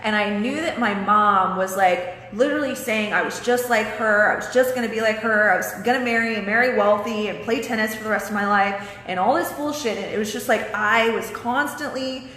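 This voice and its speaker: A woman's voice: mid-range voice, a little fast, hardly any pauses, a bit bright, reverberant, big-room sound. A young woman vlogging a candid personal story, swearing often and losing her train of thought now and then.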